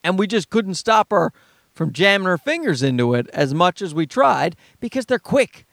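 Man, high voice, exasperated profane rant, dry close sound, inside a car. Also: sing-song, moderate pace, creaky, fairly bright tone, dry recording. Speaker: father talking to camera. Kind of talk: ranting monologue.

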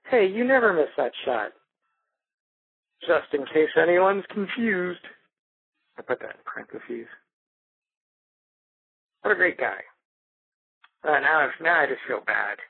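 A man's voice: a little high, vocal fry, husky, no room sound. A man leaving a rambling phone message, correcting himself as he goes. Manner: digressive, self-correcting. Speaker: caller reviewing a movie. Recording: tinny phone line.

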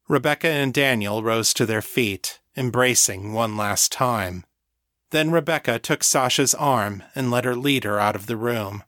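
A man's voice: mid-range voice, measured pace, dry recording. Man narrating a fantasy audiobook, dry and close. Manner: steady, even storytelling read. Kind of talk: scripted narration.

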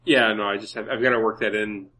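A man co-hosting a casual fantasy baseball podcast, quick and jokey, laughing easily. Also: fairly low pitch, steady tone, pushed and bright. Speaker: podcast co-host.

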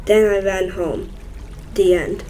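A woman reading a short story aloud in a slow, even way. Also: medium pitch, a little hiss or hum, low-quality recording. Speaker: story reader.

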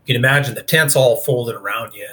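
A man being interviewed recounts a story in a casual, rambling manner, full of fillers. He talks fast in a mid-range voice that sounds pushed and bright.

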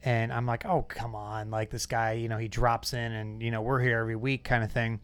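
A man's voice: medium pitch, completely flat delivery, brisk, a bit bright, clear, resonant tone. A middle-aged man hosting a podcast, chatting casually and telling stories with quoted asides. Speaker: podcast host. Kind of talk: casual chat.

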